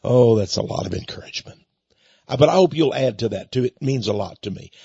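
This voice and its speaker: A man's voice: medium pitch, expressive, a little fast, creaky, dark tone, slightly rough, no room sound, dull audio. An older man hosting a talk radio show, rambling in a folksy way with chuckling asides. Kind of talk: talk radio monologue with book pitch.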